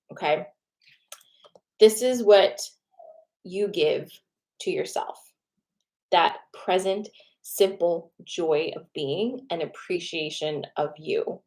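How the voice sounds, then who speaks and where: Woman doing a chill card reading for her viewers, slightly low voice, chatty, keeps saying okay and right. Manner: chatty, encouraging, says okay and right a lot. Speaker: tarot card reader and host.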